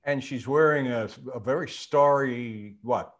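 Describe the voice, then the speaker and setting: A man hosting a talk show, asking thoughtful questions in a halting way. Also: medium pitch.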